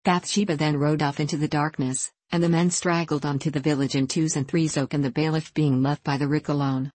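Woman narrator, low voice, dry close sound, measured classic novel reading. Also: flat delivery, a little mellow, no room sound. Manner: measured, reads all characters with small shifts. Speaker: audiobook narrator.

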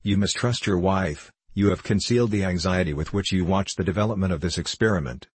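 A man voicing a calm, firm, devoted young wife, speaking slowly and steadily in an audiobook reading. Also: sits low, slightly rough, no room sound. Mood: resolute.

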